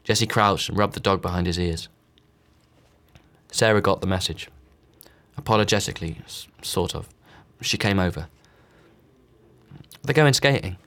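A man's voice: deep voice, steady tone, moderate pace, fairly bright tone. A man narrating a novel, reading all the characters with slight voice shifts. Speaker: audiobook narrator. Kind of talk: scripted narration.

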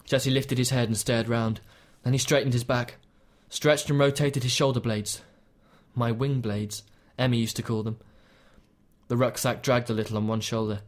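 Male audiobook narrator, mid-pitched, measured, even delivery for tense fiction. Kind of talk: scripted narration.

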